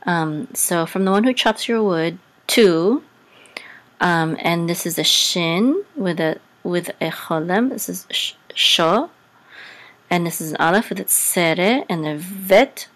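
Lady teaching hebrew letter by letter, lowish voice, lots of ums and restarts, sings the accent marks up high. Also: animated, fairly bright tone. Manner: halting and self-correcting, sounds out syllables slowly; sings the cantillation marks in a higher voice. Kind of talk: casual Torah reading lesson.

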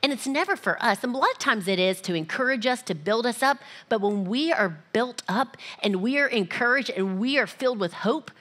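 Woman, church teaching, bright clear tone, lively, acts out short dialogues. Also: on the high side, brisk, hardly any pauses.

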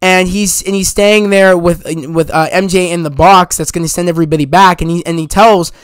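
A man giving a casual spoiler review of a film, rambling with constant "you know" fillers and getting loud when thrilled. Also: sits high, fairly even intonation, fairly quick, clear, resonant tone, dry recording, clean studio sound. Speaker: movie reviewer.

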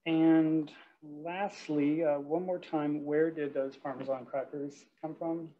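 A man hosting a workshop Q&A over a video call, polite and filling pauses with um and uh. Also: on the high side, fairly even intonation, highs cut off, a little hiss or hum. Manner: polite, with frequent um and uh fillers. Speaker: workshop host.

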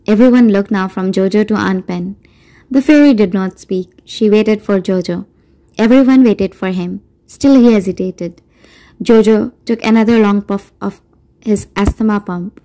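Casting: woman narrator for a children's audiobook, mellow, measured delivery. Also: medium pitch, poor audio. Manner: measured storytelling, doing character voices. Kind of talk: scripted narration.

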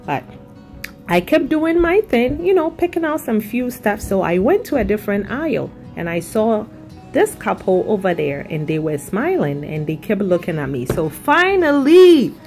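A woman, from Africa, chatting casually and telling an animated story while doing her makeup on camera. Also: mid-range voice, moderate pace, faint music behind. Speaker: makeup vlogger.

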